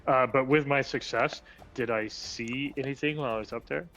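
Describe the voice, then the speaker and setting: A man playing in a tabletop role-playing game, asking the game master questions and describing his character's actions in a low-key way. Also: fairly even intonation, normal speed, fairly bright tone, dull audio, faint music behind. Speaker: player. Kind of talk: casual tabletop play.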